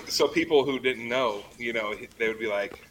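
A man's voice: medium pitch, animated, measured pace, noisy background. A man, a podcast guest, telling rambling stories about bartending in a casual chat. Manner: rambling, laughing storyteller full of "like" and "you know".

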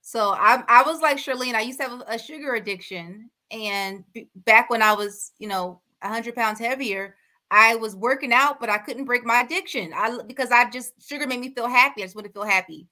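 A woman's voice: fairly high pitch, brisk, sharp tone. A woman coach on a panel, telling her own story in an earnest, personal way. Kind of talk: panel chat.

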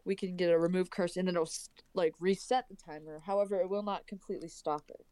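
A woman's voice: fairly low pitch, steady tone, fast talker, mellow, no echo, rough recording. A woman playing a tabletop game, chatting casually in and out of character with a hesitant, restarting manner. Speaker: player. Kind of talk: casual tabletop role-play.

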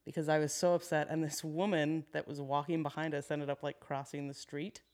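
A woman guest on a podcast, a construction business owner telling a work story in a frank, steady way with quick asides. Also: low-pitched, a crowd in the background. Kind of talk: candid conversational storytelling. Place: podcast studio.

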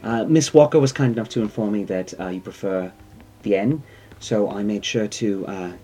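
A man's voice: on the low side, moderate pace, warm tone, slight background noise, lightly acted. A man doing a fussy, flustered housekeeper. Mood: dutiful. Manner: flustered, apologetic, overly polite. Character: fussy, deft female housekeeper. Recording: faint music beneath.

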